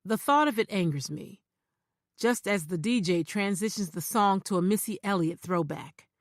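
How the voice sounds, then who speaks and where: A woman's voice: lowish voice, dry recording. Woman narrating a thriller, dry close sound. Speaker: audiobook narrator. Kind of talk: scripted first-person thriller narration.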